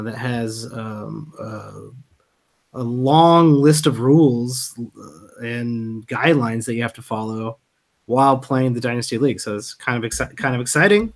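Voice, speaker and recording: A man hosting a podcast in casual chat, talking loosely with lots of fillers. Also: medium pitch. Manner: loose, filler-heavy talk. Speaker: podcast host.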